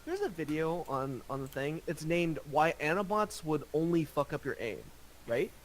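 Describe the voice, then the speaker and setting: A man's voice: a little high, very animated, moderate pace, slight background noise, poor audio. A young man chatting casually with friends on a gaming voice call, teasing, profane and rambling. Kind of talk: casual chat.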